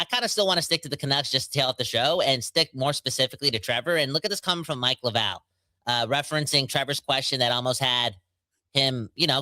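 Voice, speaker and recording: A man's voice: medium pitch, bright, forceful tone, no echo. A man hosting a hockey podcast, joking and rambling with lots of fillers. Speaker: podcast host. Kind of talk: casual podcast chat.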